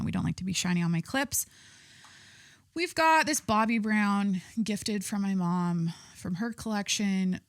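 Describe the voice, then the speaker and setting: A woman podcast host chatting casually on her own, rambling from one thing to the next with plenty of "like" and "you know." She talks with her full chest, forceful and unfiltered, at a middling pitch. Her voice sounds close and dry. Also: no room sound. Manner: chatty, rambling with many fillers. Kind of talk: casual solo podcast chat.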